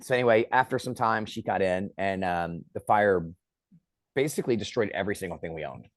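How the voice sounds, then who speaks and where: A man's voice: on the low side, brisk. A man in a sit-down interview, talking casually and telling a personal story. He slips into other people's lines as he goes, acting them out. The sound is close and dry, with no room echo. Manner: lively storyteller who acts out quoted lines. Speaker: film director and guest.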